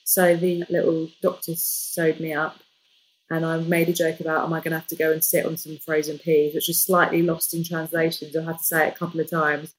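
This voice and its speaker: A woman, a podcast guest, telling a personal story in a lively, jokey way. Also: lowish voice, rough recording. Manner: lively, jokey, animated retelling. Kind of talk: casual storytelling.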